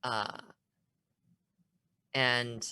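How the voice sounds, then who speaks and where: A man's voice: mid-range voice, flat delivery, very slow, sharp tone, clear, resonant tone. Rambling male game master, mid voice. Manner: rambling, laughs often, many fillers. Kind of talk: narrating a tabletop game.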